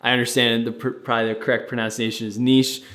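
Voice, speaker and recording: A man's voice: medium pitch, flat delivery, racing, bright, forceful tone, reverberant. A young man casually co-hosting a podcast, rambling a little with fillers and restarts. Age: young adult. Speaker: podcast founder and co-host. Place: studio with a producer present.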